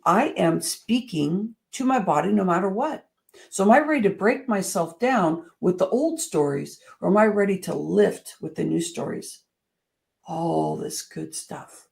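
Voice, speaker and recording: A woman giving an earnest, expressive motivational talk as a coach, moving between soft, slow passages and lively emphatic ones. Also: lowish voice, gravelly. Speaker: speaker and coach.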